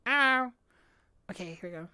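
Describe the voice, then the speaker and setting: A young woman streaming a live music reaction, gushing and excitable, with lots of filler words. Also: fairly high pitch, normal speed, clean tone, no echo. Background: faint album music playing.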